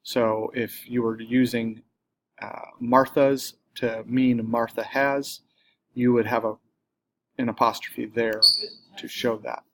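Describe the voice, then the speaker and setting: A man talks through a grammar lesson in a plain, explanatory way. His voice sits in a middle pitch, neither high nor low. He pauses now and then with a filler or corrects himself mid-sentence. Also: flat delivery, a little hiss or hum. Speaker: teacher.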